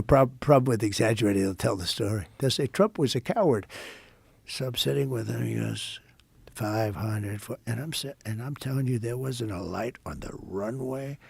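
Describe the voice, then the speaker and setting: An older man from the United States, a podcast guest, telling a rambling, repetitive story and acting out quoted dialogue in a hushed voice. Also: medium pitch, vocal fry, breathy edge, no echo. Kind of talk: casual storytelling in an interview.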